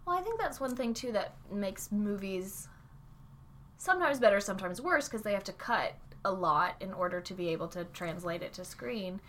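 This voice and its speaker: Bright-voiced animated woman podcaster. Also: mid-range voice, normal speed, slight background noise. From Southern United States. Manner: animated, talks with her hands, emphatic. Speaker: podcast co-host. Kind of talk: casual chat. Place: library.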